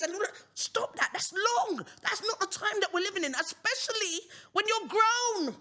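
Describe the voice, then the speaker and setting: A woman's voice: extremely high pitch, very animated, normal speed, hardly any pauses, pushed and bright. A British woman hosting a solo podcast, ranting outspokenly and often checking the listener understands. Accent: British English. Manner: outspoken, keeps asking "you understand what I'm saying?". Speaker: podcast host.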